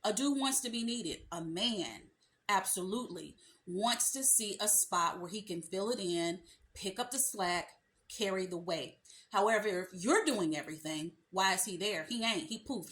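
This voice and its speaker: A woman's voice: mid-range voice, normal speed, a bit bright. Sassy woman dating coach talking to camera. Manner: sassy, emphatic, colloquial, addresses viewer as sis. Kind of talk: direct-to-camera advice talk.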